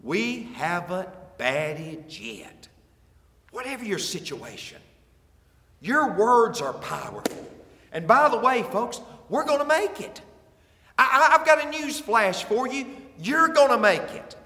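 A man preaching as a pastor, lively and emphatic, with stammered restarts and little chuckles. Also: extremely high pitch, measured pace, distant mic. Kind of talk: sermon. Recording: echoey hall with long reverb.

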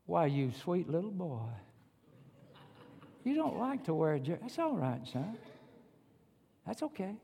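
A gruff football coach with a twang barks at his player, swinging from mock-sweetness to bellowing, as a preacher acts him out. The voice sits a little high for a man. It rings with a long church reverb. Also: unhurried, hardly any pauses, dark tone, a little hiss or hum, close to an everyday voice. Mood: mock-sweet.

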